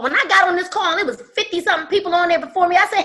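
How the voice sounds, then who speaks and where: A woman speaking as a guest mentor on a group call, preaching with emphasis and swinging between loud and hushed. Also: extremely high pitch, expressive, racing, hardly any pauses, low-quality recording. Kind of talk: motivational talk on a call.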